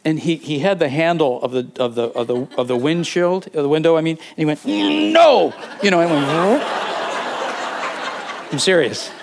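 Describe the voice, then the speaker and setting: An older male preacher telling a story from his own life in a slightly high voice. He talks casually, repeats words as he restarts his sentences, and acts out the people in the story. His delivery is animated and personal. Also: fast, hardly any pauses, some chatter behind, slight background noise. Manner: conversational, with repeated words and fillers. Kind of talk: sermon storytelling.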